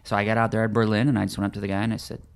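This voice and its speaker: Male podcast guest, low-pitched, rapid talker who trips over his openings. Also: flat delivery, creaky, clear, resonant tone. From United States. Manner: rapid, repeats words when starting sentences. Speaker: guest author. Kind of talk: casual interview chat.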